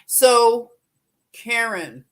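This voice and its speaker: A woman's voice: a little high, expressive, drawn-out words, fairly bright tone. A woman hosting a live stream, chatting casually and greeting viewers by name with easy laughs.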